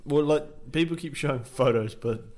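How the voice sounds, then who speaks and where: A man's voice: a little high, moderate pace, darkish tone. A young man with a New Zealand accent, co-hosting a casual podcast, swearing often and laughing easily. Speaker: podcast co-host. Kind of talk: casual banter. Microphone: headphones and desk mic.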